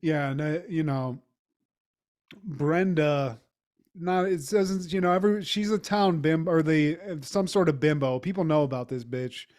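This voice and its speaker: Rambling, profane man with a higher voice. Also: unhurried, darkish tone. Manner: loose, profane, rambling with many fillers. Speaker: podcast co-host. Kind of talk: casual recap chat.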